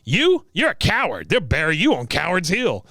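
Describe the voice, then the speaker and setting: A man's voice: fairly high pitch, wildly swooping pitch, moderate pace, bright, forceful tone, dry recording, studio quality, pitched above the performer's own voice, full character voice. A man doing a barking old war veteran. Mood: scornful. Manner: gruff, barking, boastful. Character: cranky old male war veteran, boastful and mean. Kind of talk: impression while recapping a cartoon.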